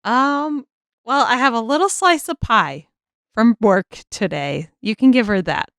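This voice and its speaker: A woman's voice: fairly high pitch, expressive, unhurried, fairly bright tone, clean tone, no echo, studio quality. A woman playing a tabletop role-playing game in a casual, friendly way, at times speaking as her character. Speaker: player.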